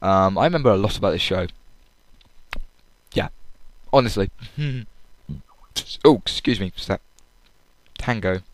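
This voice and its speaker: A man's voice: lowish voice, a little slow, pauses often. A young man from England, rambling casually in an audio log about a comedy show, full of fillers and restarts. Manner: chatty, lots of fillers and restarts. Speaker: vlogger.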